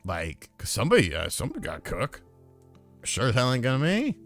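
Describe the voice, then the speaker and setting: A man casually telling a profane story on a live stream, getting loud and heated when he retells a fight. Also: medium pitch, wildly swooping pitch, fairly quick, soft background music. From lived in North Carolina.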